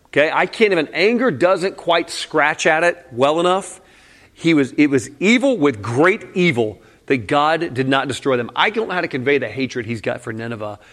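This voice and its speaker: A man's voice: medium pitch, a bit bright. A man preaching a conversational sermon in a candid, casual way, often saying "man" and breaking into short laughs. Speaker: pastor.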